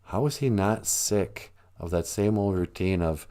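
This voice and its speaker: Hosting a casual livestream from a small room at home, this man has a low, warm voice and an unhurried pace with few pauses. He rambles and jokes as he muses aloud, laughing a lot.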